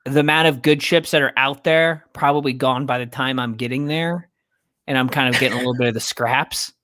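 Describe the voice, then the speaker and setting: A man's voice: medium pitch, fairly even intonation, brisk, bright, forceful tone. A young man co-hosting a casual podcast, chatting and laughing easily while ranking party foods. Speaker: podcast co-host.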